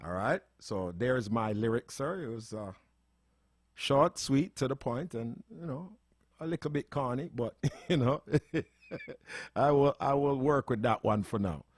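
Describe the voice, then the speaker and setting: Male radio host, relaxed banter, mid pitch, dry studio sound. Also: a little slow, no room sound. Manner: laughing, playful banter. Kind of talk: casual radio chat.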